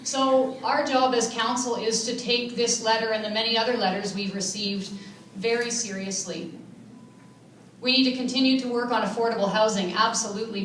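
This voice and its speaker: A woman mayor giving an earnest, measured inaugural speech in a large hall. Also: on the high side, distant mic, slight background noise. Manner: earnest, measured public speaking. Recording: echoey hall picked up from afar.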